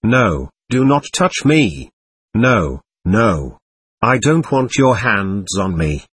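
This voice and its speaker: A man's voice: on the low side, very animated, slow pace, fairly bright tone, slightly rough, exaggerated voice. A man voicing the petulant, defiant spirit of a young girl in an audiobook reading of a seance record. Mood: defiant, sulking. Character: angry spirit of a young girl, willful and stamping.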